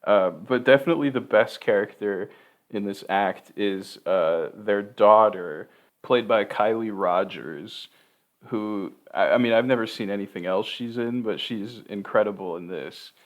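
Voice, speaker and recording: Lowish-voiced man rambling through a movie recap. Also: measured pace. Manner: rambling, profane, heavy on fillers. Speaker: podcast host.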